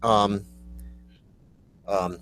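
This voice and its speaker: A man's voice: on the low side, fairly even intonation, drawn-out words, a bit bright, no room sound, rough recording. A man co-hosting a casual podcast, joking around and riffing on words. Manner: jokey, puts on mock mourner voices. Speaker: co-host.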